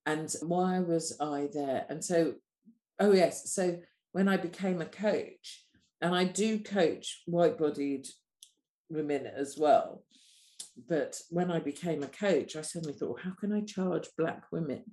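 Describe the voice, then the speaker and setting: A woman's voice: low voice, a little slow, echoey room. A woman, a doula and coach, speaking bluntly and passionately in a candid podcast conversation. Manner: blunt, passionate, sweary, animated.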